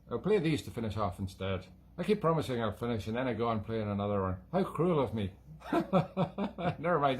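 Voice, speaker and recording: A man's voice: medium pitch, slight background noise, natural voice. A man voicing a cheeky male leprechaun in a put-on Irish brogue, rambling playfully and telling corny jokes between tunes. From Scotland. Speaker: musician and show host. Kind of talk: casual comic chat between tunes.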